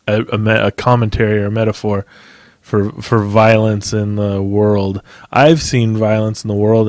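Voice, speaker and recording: A man's voice: fairly low pitch, a little mellow, dry recording, clean studio sound. A man hosting a podcast who talks in a loose, rambling way, swearing freely and laughing often. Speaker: podcast host. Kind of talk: casual chat.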